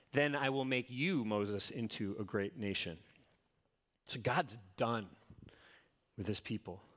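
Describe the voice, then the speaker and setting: A middle-aged man, a pastor, preaching a conversational sermon, animated and full of casual asides, swinging from loud exclaims to hushed near-whispers. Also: fairly high pitch. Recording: long hall reverb.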